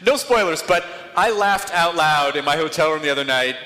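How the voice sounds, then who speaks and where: A man hosting a live podcast before an audience, joking and animated. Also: fairly high pitch, normal speed. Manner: joking, animated, self-mocking. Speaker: podcast host. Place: large museum hall with live audience. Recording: live in a reverberant hall, faint noise.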